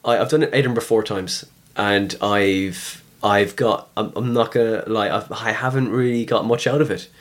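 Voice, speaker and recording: A man's voice: fairly low pitch, fairly even intonation, normal speed, few pauses. A man, a comedian guest on a podcast, telling rambling stories with many restarts. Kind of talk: casual podcast chat.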